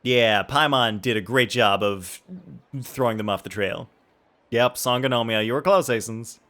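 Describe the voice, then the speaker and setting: A man's voice: medium pitch, moderate pace, a bit bright. A man streaming a game, chatting and joking playfully with his viewers. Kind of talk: casual livestream chat.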